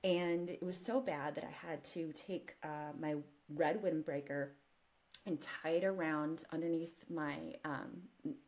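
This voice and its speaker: A woman guest telling an animated personal story in casual conversation, often breaking into laughter. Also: deep voice, unhurried. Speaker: podcast guest.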